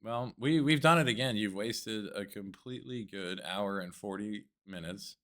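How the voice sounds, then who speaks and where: A man's voice: lowish voice, moderate pace, a bit bright. A man co-hosting a podcast, joking and rambling in casual chat. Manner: joking, rambling banter, calls people dude. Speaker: podcast co-host.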